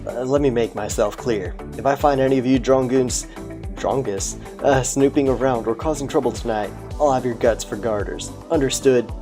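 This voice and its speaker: A man's voice: mid-range voice, moderate pace, over music, natural voice. A man voicing a crude, swearing male police commissioner with an Australian accent in a game. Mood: blustering. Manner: swearing, blustering.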